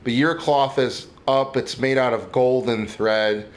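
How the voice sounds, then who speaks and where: A man's voice: mid-range voice, steady tone, measured pace. A man hosting a podcast in casual chat, teasing and exaggerating with crude humor. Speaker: podcast host.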